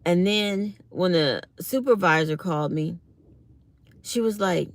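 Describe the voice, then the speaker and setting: A woman's voice: lowish voice, a little slow, dry recording. A middle-aged woman, talking casually to viewers and acting out both sides of an office conversation. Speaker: vlogger.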